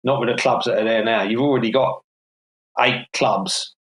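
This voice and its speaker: A man with a London accent talks football in a loose, opinionated way. His pitch sits in an ordinary middle range, and he laughs easily between points. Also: moderate pace, fairly bright tone, echoey room, low-quality recording. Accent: London English. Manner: chatty, opinionated, laughs often. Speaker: podcast co-host. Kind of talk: casual football chat.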